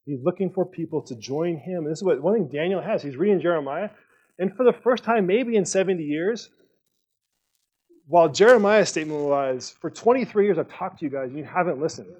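A man teaching a Bible study in a relaxed, conversational way, thinking aloud with fillers and restarts. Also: fairly high pitch, a little fast, slightly rough. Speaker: pastor. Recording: dull lo-fi sound.

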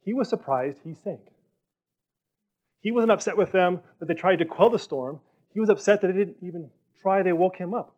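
Animated male pastor preaching, lo-fi sound. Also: high voice, moderate pace. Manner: animated, conversational, acts out quoted speech. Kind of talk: sermon. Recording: dull lo-fi recording.

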